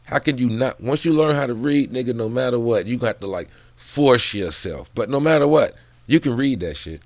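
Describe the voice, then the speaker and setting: A man talks loosely and profanely about a book, wandering into side stories. He laughs between thoughts. His voice sits at an ordinary middle pitch, with a dry, close sound and no room echo. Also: lively intonation, moderate pace. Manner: loose, profane, digressive talk. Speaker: book commentary vlogger. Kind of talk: casual profane book commentary.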